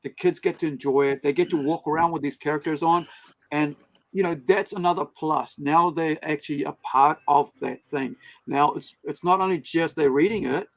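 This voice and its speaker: A New man co-hosting a casual podcast, his voice sitting a little high with a gravelly edge. He tells stories in an animated way and acts out the lines of the people in them. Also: normal speed, rough recording. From New Zealand. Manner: animated storyteller, acts out quotes. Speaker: podcast co-host. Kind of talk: casual chat.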